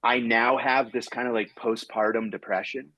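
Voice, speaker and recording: A male comedian hosting a podcast, talking in a rambling, animated way and acting out quoted exchanges as he tells a story. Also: mid-range voice, normal speed, no room sound, low-quality recording. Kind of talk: casual chat.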